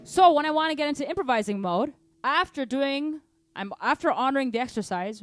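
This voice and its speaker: Young woman doing a drum lesson, kinda high voice, hyped, drums going in the room. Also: brisk, faint music behind. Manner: energetic, counts and sings rhythms aloud. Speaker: drum teacher. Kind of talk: live-streamed drum lesson. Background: drum kit.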